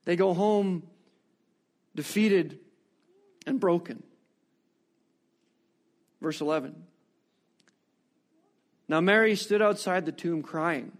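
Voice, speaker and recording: High-voiced expressive male preacher. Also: takes it slowly, long pauses. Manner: expressive, rising rhetorical questions. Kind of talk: sermon with scripture reading.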